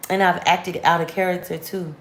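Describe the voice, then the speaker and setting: A woman's voice: on the low side, moderate pace. Candid woman venting in an echoey room. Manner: candid, animated, slangy, rising sharply when venting. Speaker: vlogger. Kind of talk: casual storytime chat to camera.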